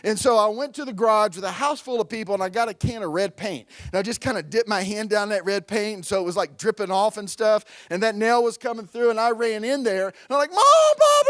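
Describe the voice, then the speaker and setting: A man's voice: very high-pitched, a bit bright, no room sound. A middle-aged man preaching a sermon at a church, conversational and storytelling, calling out to the congregation. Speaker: pastor.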